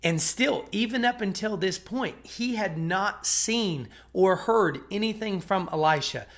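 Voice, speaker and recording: Male preacher, slightly high voice, casual conversational sermon, checks in with listeners often. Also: lively intonation, measured pace. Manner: conversational, checks in with "okay?" and "right?"; repeats and restarts words as he retells.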